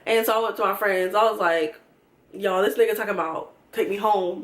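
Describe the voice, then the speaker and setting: A young woman telling a storytime vlog, animated and swearing freely as she acts out what people said. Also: mid-range voice, a little fast, reverberant. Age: young adult. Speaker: vlogger.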